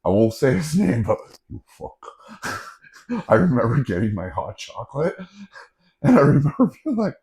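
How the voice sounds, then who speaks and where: A man's voice: mid-range voice, huge pitch swings, normal speed, creaky, a little mellow. A man, a podcast cohost, chatting casually and swearing while joking about a school memory. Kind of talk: casual chat.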